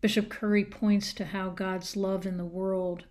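A woman preaching a sermon at an unhurried, deliberate pace. She leans on key words with emphasis and lets dramatic pauses sit between phrases. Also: mid-range voice, little pitch movement, a little mellow.

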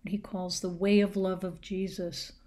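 A woman preacher delivering a sermon in a measured, emphatic way with dramatic pauses. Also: medium pitch, little pitch movement, darkish tone.

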